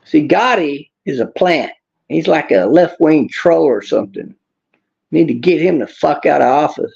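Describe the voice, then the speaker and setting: Blunt streamer, fairly high gravelly voice, reads chat and rants, dull lo-fi audio. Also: male voice, expressive, normal speed, a little mellow. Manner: blunt, angry, swears, talks back to chat. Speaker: livestream host reading chat. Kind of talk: casual political livestream rant.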